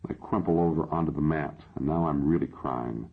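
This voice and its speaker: A man narrating a science fiction audiobook in the first person, in measured storytelling. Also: rumbling low, vocal fry, slightly rough. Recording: dull lo-fi audio.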